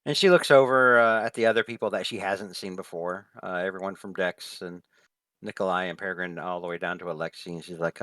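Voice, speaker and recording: A man running a tabletop role-play as game master, narrating in a hesitant way with many pauses. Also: sits low, fairly bright tone, dry recording. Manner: hesitant narration full of uhs.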